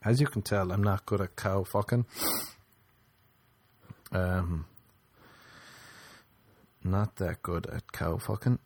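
A man hosting a podcast, telling crude stories in a casual, joking way and mimicking other people in higher voices. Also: slow pace, vocal fry, pauses often, mellow, husky, no room sound. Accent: non-local, remarked on by others. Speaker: podcast host. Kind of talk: casual storytelling chat.

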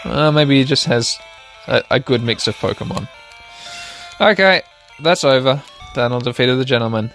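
A man's voice: medium pitch, animated, moderate pace, a bit bright, soft background music. A man hosting a podcast while playing a video game, chatty and self-mocking, talking straight to his listeners and laughing often. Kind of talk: casual let's-play commentary.

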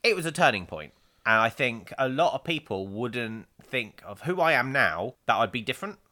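Bright, lively man telling stories. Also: mid-range voice, normal speed. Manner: animated, laughs often, storytelling. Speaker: podcast co-host. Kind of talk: casual chat.

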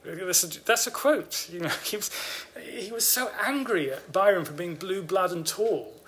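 A man's voice: high voice, animated, a little slow, fairly bright tone. Enthusiastic man talking books. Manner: enthusiastic, explains at length. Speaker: podcast co-host. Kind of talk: casual discussion of books.

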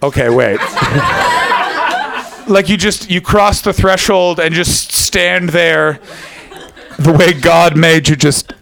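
Profane, animated male stand-up comedian. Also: on the high side, vocal fry, a loud crowd. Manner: rapid, profane, animated ranting. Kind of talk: live stand-up with crowd work. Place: comedy venue in Scotland. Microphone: stage microphone.

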